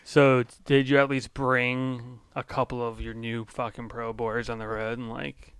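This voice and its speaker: A man's voice: medium pitch, little pitch movement, a little slow, a bit bright, clean tone, no room sound. A man hosting a podcast, asking casual questions and giving short replies. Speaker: podcast host. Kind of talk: interviewing, casual chat.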